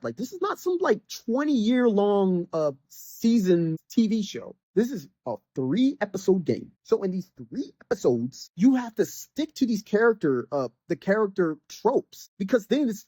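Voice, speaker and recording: In a casual game review rant, a podcast host's pitch swings up and down while he rambles, restarting often and leaning heavily on "like." His tone is mellow with a breathy edge. The sound is dry and close, with no room or echo around it.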